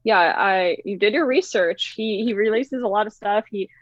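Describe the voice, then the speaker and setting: An enthusiastic woman guest chats casually on a podcast, mixing in laughing asides. Her mid-pitched voice comes across dull and lo-fi. The sound is dry and close. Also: normal speed, no room sound. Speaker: guest producer.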